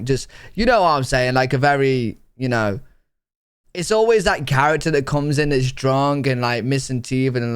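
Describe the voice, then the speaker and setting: A man's voice: medium pitch, smooth. A man with a British accent chatting animatedly while reacting to a video, with plenty of fillers and asides. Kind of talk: casual reaction chat.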